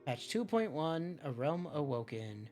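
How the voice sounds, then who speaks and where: A rambling, foul-mouthed game streamer talks casually through a live session, tripping over words and cutting themself off. Their pitch sits in an ordinary middle range. Faint music plays underneath. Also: sing-song, unhurried, a little mellow. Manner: profane, rambling, self-interrupting.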